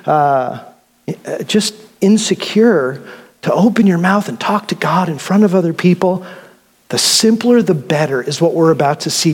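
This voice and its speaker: Male pastor, high voice, lively casual sermon with humor, recorded in a reverberant hall. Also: husky. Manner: animated and conversational, with humor.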